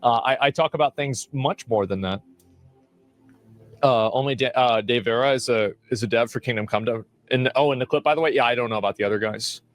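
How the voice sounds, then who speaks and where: A man's voice: medium pitch, fairly quick, faint music behind. A man speaking in a played clip, hesitant and often repeating his words.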